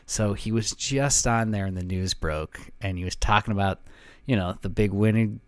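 A man's voice: on the low side, moderate pace, clean tone, no echo. A man co-hosting a casual sports chat, telling his side in a laid-back, chatty way. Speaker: podcast co-host.

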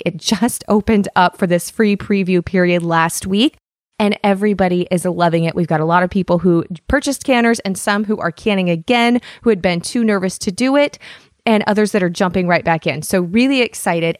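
A woman's voice: medium pitch, no echo. A woman from Washington State hosting a podcast, talking in a chatty, enthusiastic way. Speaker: podcast host. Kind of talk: casual podcast talk.

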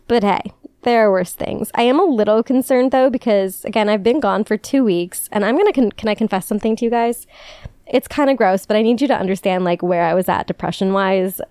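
A woman's voice: mid-range voice, brisk, mellow, clear, resonant tone, dry recording, studio quality. A young woman from the Chicago area hosting a podcast, chatting casually and confessionally, joking at her own expense and laughing often. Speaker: podcast host.

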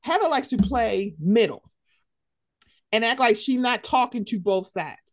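A woman with a fairly high voice trades frank, swearing-heavy gossip with her co-host in a loose, animated chat. She keeps breaking into exaggerated mocking impressions of the people she is talking about. Her delivery is quick and opinionated. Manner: blunt, profane, animated; slips into mocking impressions of others. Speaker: podcast co-host.

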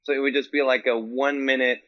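A man's voice: mid-range voice, little pitch movement, fast, muffled recording. A man chatting casually as a podcast co-host, rambling with many fillers. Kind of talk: casual chat.

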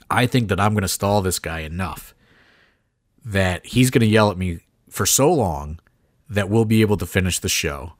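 A man's voice: lowish voice, no echo, clean studio sound. A man, a wrestling promoter, telling a story on a podcast in a rambling, profane way, full of "like" fillers and laughing as he goes.

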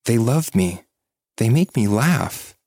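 A man's voice: lowish voice, expressive, takes it slowly, gravelly, mellow, no room sound, studio quality, voice pushed up, exaggerated voice. A man voicing a cheerful three-year-old girl who talks in a matter-of-fact, mildly exasperated way. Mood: happy.

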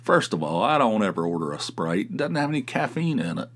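A man's voice: fairly low pitch, very animated, normal speed, husky. Male podcast host, mild West Virginia accent, loose profane storyteller. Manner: rambling, profane, wry. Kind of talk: casual monologue.

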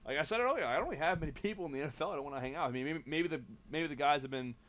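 A young man co-hosting a casual sports podcast, arguing his points quickly and correcting himself as he goes. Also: fairly high pitch, a bit bright. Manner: fast, argumentative, self-correcting. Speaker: podcast co-host. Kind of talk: casual chat.

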